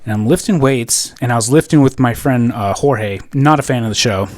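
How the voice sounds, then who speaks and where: A man's voice: mid-range voice, fairly quick, a little mellow, no echo. A young man from California on a podcast, telling a story in a rambling, profane way full of filler words. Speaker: podcast co-host. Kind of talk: casual podcast chat.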